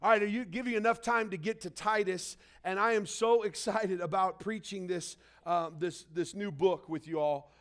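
A high-voiced man preaches to his congregation. He tells a story with lively, animated delivery and drops low and quiet for asides. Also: normal speed, few pauses. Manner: animated storytelling, shouting quoted lines. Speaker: pastor. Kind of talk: sermon.

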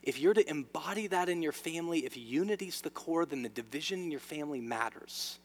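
A man preaching a sermon to his church, swinging between loud emphasis and hushed lines. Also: fairly high pitch, expressive, brisk. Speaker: pastor. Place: church sanctuary. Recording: long reverb of a large hall.

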